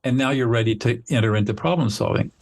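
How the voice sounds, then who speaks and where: An older man, a mediator and trainer appearing as an interview guest, explains his method conversationally in an earnest, instructive way, sometimes acting out example dialogue. His voice is medium-pitched and fast, with slight background noise.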